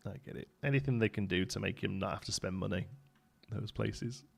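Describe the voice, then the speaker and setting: Gravelly man streaming a game. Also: on the low side, brisk. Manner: chatty, rambling, laughs often, reads chat. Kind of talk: casual live-stream chat while building.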